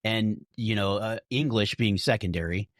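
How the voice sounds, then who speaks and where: A man hosts a relaxed podcast conversation in a fairly low voice, agreeable and quick to laugh. The sound is close and dry, with no room echo. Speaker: podcast host. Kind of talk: casual conversation.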